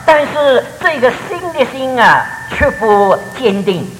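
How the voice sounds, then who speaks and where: A man preaching a sermon in short storytelling phrases, pausing for an interpreter. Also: extremely high pitch, sing-song, fairly bright tone. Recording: roomy hall reverb with faint noise.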